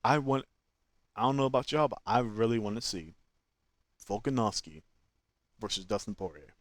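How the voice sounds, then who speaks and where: A man hosting his own channel, giving opinionated, animated fan commentary in slangy casual speech. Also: lowish voice, moderate pace, no room sound. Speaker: channel host.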